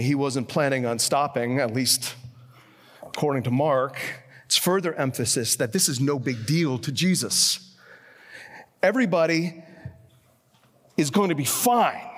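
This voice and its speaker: A man preaching a sermon, swinging between hushed, low passages and emphatic, raised lines. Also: long reverb tail.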